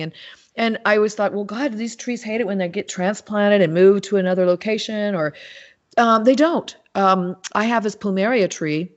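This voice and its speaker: A woman guest on an interview show, telling stories animatedly with frequent restarts and fillers. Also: medium pitch. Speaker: podcast guest, animal communicator. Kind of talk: casual interview talk. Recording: dull lo-fi sound.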